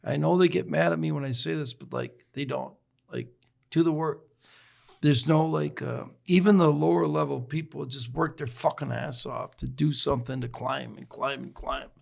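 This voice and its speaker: Male co-host, gravelly and slightly high voice, profane and joking banter. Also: steady tone, normal speed. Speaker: podcast co-host. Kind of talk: casual podcast chat.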